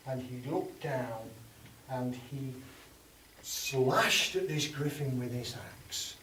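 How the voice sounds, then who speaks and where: A man's voice: medium pitch, slow pace, pushed and bright. An English man telling a folk tale to listeners, dramatic, dropping into whispers and rising for effect. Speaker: storyteller. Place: storytelling event. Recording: roomy sound from far off with background noise.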